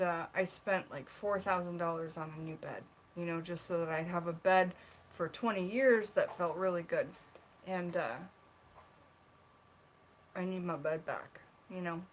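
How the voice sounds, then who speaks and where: Female livestream host from South Carolina, chatty, reads viewer comments aloud, recorded in her bedroom. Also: medium pitch. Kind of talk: casual livestream chat. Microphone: seated at own camera.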